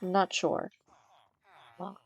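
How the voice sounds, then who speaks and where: A woman streaming a game live, chatting casually with her chat and teasing them in a dry, deadpan way. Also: slow pace.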